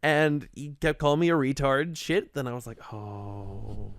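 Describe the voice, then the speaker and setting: A young man telling a story on a casual podcast, swearing and acting out shouted quotes. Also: on the high side, fairly quick, clean tone, no echo, studio quality. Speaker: podcast guest.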